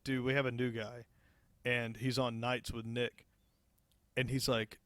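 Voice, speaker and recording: A man's voice: mid-range voice, flat delivery, a little slow, a bit bright, dry recording, studio quality. A young man co-hosting a podcast, casually telling a work anecdote with lots of swearing and laughter. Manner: laid-back, profane, laughing through anecdotes. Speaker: podcast co-host. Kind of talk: casual storytelling chat.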